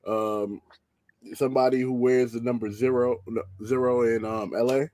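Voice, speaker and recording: Brief: mid-pitched man, upbeat co-host segues, dry close sound. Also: level tone, moderate pace, warm tone, dry recording. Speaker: podcast co-host. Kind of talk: casual chat.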